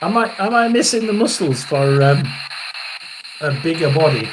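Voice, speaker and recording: In a live tarot and spirit reading, a sixty-something male psychic medium rambles haltingly and keeps clearing his throat. His voice is a little high with big pitch swings, against some background noise.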